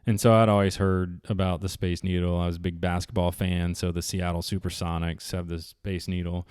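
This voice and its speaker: Man, fairly low voice, chatty and rambling, casual vlog. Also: flat delivery, a little fast, darkish tone, clean tone, no echo, studio quality. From Southeastern United States. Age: 40s. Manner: rambling, chatty, with many restarts and fillers. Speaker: vlogger. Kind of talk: casual storytelling.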